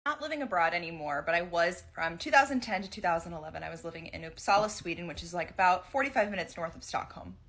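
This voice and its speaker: A woman telling a personal story in an animated way about living abroad. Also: lowish voice, fast, few pauses. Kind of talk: storytime clip.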